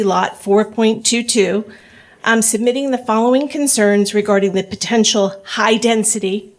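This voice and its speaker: A middle-aged woman giving public comment at a borough council meeting, polite but urgent, mixing a prepared statement with off-the-cuff appeals. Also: mid-range voice. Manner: earnest, polite, urging, reads prepared points then speaks off the cuff.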